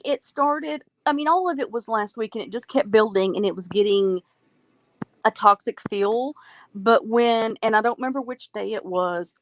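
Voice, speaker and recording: A woman's voice: mid-range voice, no room sound, low-quality recording. A woman, frustrated and emphatic in casual chat, stretching out her stressed words. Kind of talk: casual chat about online drama.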